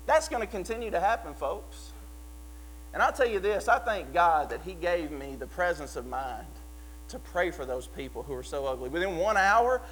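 A pastor preaching a sermon, swinging between fervent loud passages and hushed earnest ones. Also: male voice, high voice, poor audio.

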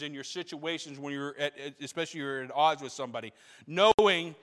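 A pastor with a high voice preaches a sermon to his congregation, repeating key phrases and swelling in force. The voice carries a long reverb from a church sanctuary. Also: moderate pace, long pauses, a bit bright. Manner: preaching with rising intensity, repeating phrases for emphasis.

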